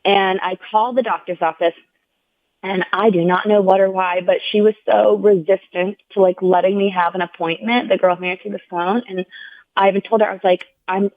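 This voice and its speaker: A woman's voice: medium pitch, steady tone, fairly quick, no echo. Woman guest, earnest storyteller, lots of "like"s, acts out quotes. Tinny, dry phone-line sound. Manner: earnest, heartfelt retelling, heavy use of "like"; acts out the people she quotes in raised voices. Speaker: podcast guest. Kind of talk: personal storytelling in a conversational interview.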